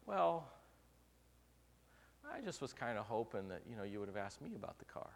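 A man voicing his calm young wife in a sermon story, gently explaining her point. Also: medium pitch, moderate pace, vocal fry, a little hiss or hum. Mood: gentle.

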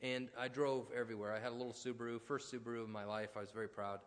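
A man's voice: mid-range voice, flat delivery, quick pace. A man preaching a sermon, talking conversationally and telling personal stories with asides and restarts. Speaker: pastor. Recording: long hall reverb.

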